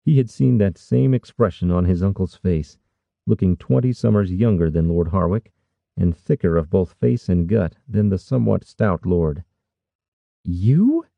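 A man narrating a fantasy audiobook in a measured, even storytelling manner. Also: low voice, creaky, no echo, muffled recording.

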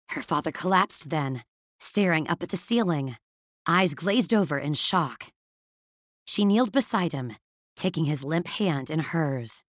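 Low-voiced woman narrating a story. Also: animated, measured pace, no room sound. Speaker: audiobook narrator. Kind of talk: scripted fantasy narration.

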